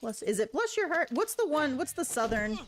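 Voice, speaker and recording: A woman's voice: sits high, big pitch swings, a little fast. A woman giving chatty, giggly commentary on a livestream while she plays, talking back to the game characters. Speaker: gaming streamer. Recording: noisy stream audio.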